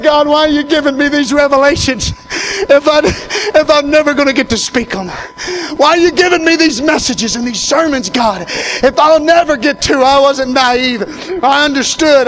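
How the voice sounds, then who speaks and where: Preacher guy, real high voice, hollers then goes quiet n personal. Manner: fervent preaching, swings from shouted climaxes to hushed storytelling. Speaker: pastor. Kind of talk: sermon.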